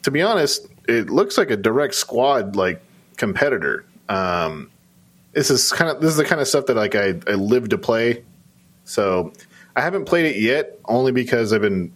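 A man's voice: medium pitch, very animated, unhurried. A man co-hosting a casual gaming podcast, talking loosely with lots of fillers. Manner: rambling, filler-heavy. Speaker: podcast co-host. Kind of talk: casual chat.

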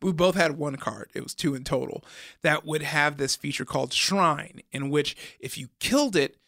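A young man talks games in a casual co-hosted chat. His voice is bright and a little high, and he stumbles and restarts as he goes, often breaking into laughter. The sound is close and dry. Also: moderate pace, creaky, no room sound. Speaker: podcast co-host.

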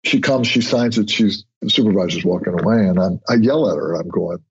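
A man, a guest on an interview podcast, telling stories in a conversational way and getting animated when he acts out other people. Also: on the low side, fairly quick, few pauses. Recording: husky voice, dull lo-fi audio.

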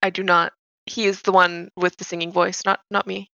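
A woman playing her character in a tabletop game, wry and a touch hesitant. Her voice is bright and edgy, and the recording is dry and dull. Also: lowish voice, flat delivery, moderate pace, gravelly, no echo. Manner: wry, hesitant, laughs often. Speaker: player.

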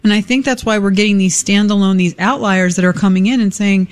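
A woman's voice: mid-range voice, steady tone, brisk. Emphatic woman talk radio co-host.

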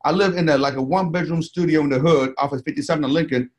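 A man rattles through his stories at a quick clip, in a voice pitched a little high for a man. He rambles and swears, and keeps restarting his sentences with fillers as an interview guest. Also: steady tone. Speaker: interview guest, business owner and bodybuilder. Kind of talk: casual storytelling interview.

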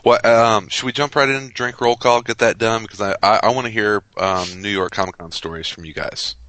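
A man hosts a casual podcast chat in a low, bright, forceful voice. He rambles easily, full of fillers and restarts. The sound is close and dry. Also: fairly even intonation, fairly quick, dry recording, low-quality recording. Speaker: podcast host.

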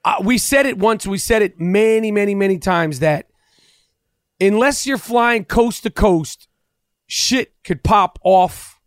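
A man's voice: high-pitched, slow, no echo. A man hosting a talk show, ranting heatedly and profanely with incredulous outrage. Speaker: host. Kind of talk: profane comedic rant.

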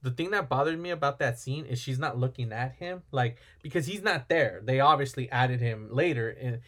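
Casual podcast co-host, male, mid-pitched, rambling recapper who slips into character lines. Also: moderate pace, a bit bright. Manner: rambling storyteller, acts out film lines. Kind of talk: casual movie recap chat.

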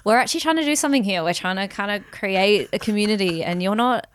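A woman's voice: mid-range voice, quick pace. A woman co-hosting a comedy podcast, blunt and sweary as she scolds callers. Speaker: podcast co-host. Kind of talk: comedy advice podcast banter.

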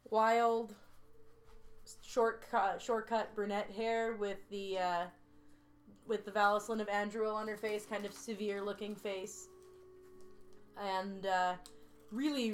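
A woman playing a tabletop role-playing game who describes her character in a hesitant, filler-heavy way. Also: mid-range voice. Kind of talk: casual chat and character description.

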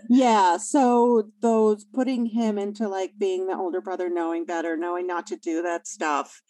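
A woman coaching a parent, explaining calmly and often checking in with "right?" and "you know?". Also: medium pitch, normal speed, no echo, poor audio. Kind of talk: advice conversation.

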